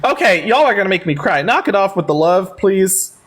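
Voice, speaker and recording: A man hosts a live stream, arguing with callers and thanking viewers between rounds. His voice sits a little high and swings widely as he teases and mocks. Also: brisk, noisy background. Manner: sarcastic, taunting, animated. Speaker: livestream debate host. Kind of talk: casual live-stream chat and debate.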